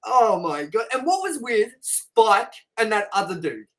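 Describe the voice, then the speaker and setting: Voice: mid-range voice, sing-song, unhurried. A movie-review co-host in casual chat, ranting with exasperation and plenty of swearing.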